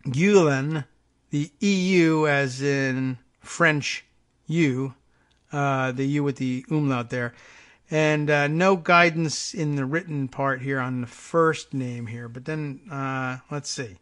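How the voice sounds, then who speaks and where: A man's voice: medium pitch, fairly even intonation, takes it slowly, a bit bright. A man hosting a morning talk radio show, thinking aloud and reading out online posts in a casual, rambling way.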